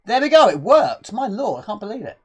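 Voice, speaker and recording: A woman's voice: mid-range voice, big pitch swings, a little fast, breathy edge. A woman live-streaming a retro game, chatting casually and out of breath, rambling and answering chat questions as she plays. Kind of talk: casual gameplay commentary.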